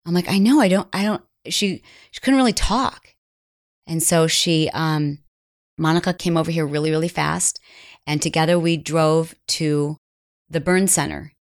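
A woman's voice: sits low, normal speed. A middle-aged woman hosting a podcast, telling a personal story in an earnest, confiding way that sometimes drops to a near whisper. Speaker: podcast host.

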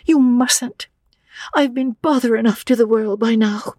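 A woman voicing a nervous, flustered young woman who stammers in a high voice. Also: measured pace, a little mellow, dry recording, studio quality. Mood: anxious.

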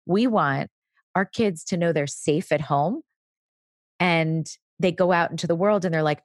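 A woman with a lowish voice is the expert guest in a casual interview, explaining things patiently at an unhurried pace and occasionally acting out lines a parent or child might say. The studio sound is clean with no echo.

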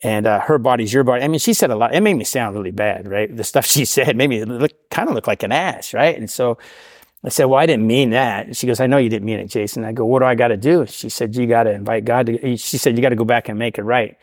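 A middle-aged man from the Portland area telling his recovery story in a casual, animated way, acting out the voices of the people in it. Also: mid-range voice, fast, no room sound, studio quality. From Portland, Oregon area. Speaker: guest sharing recovery story.

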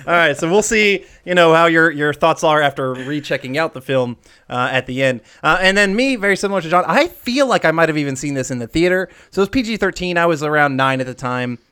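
A man's voice: fairly high pitch, animated, fast, sharp tone, clean tone. A man in his thirties co-hosting a podcast, chatting casually through a movie breakdown and laughing often. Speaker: podcast co-host.

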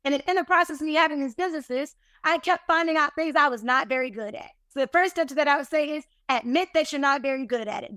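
A woman guest on a podcast, telling her business lessons in an animated, emphatic, self-deprecating way. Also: high-pitched, fast, hardly any pauses, no room sound, clean studio sound. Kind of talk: casual interview storytelling.

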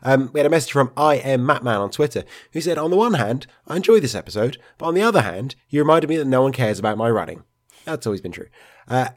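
A man co-hosting a podcast in casual chat, dry and teasing, laughing along with his co-host. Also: medium pitch.

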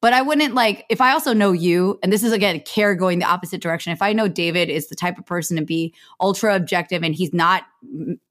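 A woman in her thirties chats on a podcast in a thoughtful, rambling way, full of "like" and "you know." Her voice sits a little low. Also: fast talker, few pauses, a bit bright. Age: 30s. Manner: reflective, chatty, lots of "like". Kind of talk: casual podcast chat.

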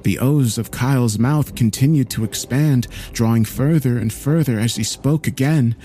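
Mellow-voiced man narrating horror. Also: mid-range voice, moderate pace, a little hiss or hum.

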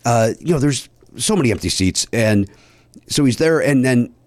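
A man telling a long story in casual podcast chat, animated and a bit profane, with high mock voices for people he quotes. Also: normal speed, dry recording. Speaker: podcast host.

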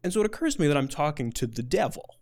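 A man's voice: a little high, sing-song, racing, a little mellow. A man telling a personal story to an audience, conversational and rambling, with a self-deprecating, emotional edge.

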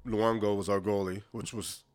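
A man's voice: on the low side, level tone, normal speed. Man telling candid hockey stories. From Quebec, Canada. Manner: candid, frequent restarts, acts out quoted exchanges. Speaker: former hockey player, guest. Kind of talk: casual interview storytelling.

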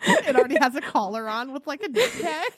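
A woman co-hosting a casual podcast, answering with quiet, dry quips. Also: sits high, sing-song, fast, no room sound. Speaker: podcast co-host. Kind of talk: casual chat.

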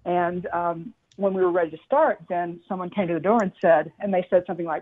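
Middle-aged woman guest, earnest halting storyteller, phone-line sound. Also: on the low side, fairly even intonation. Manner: earnest, halting, many restarts and fillers. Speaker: spiritual teacher guest. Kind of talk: casual storytelling on a radio talk show.

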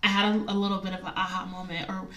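A woman's voice: medium pitch, little pitch movement, very fast, pushed and bright, far from the mic, muffled recording. A woman in her thirties telling a personal story in casual talk, chatty and emotional, with many fillers and frequent laughs.

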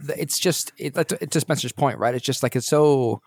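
A man's voice: mid-range voice, brisk. Man, film podcast co-host, blunt wry casual talk. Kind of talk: casual movie review chat.

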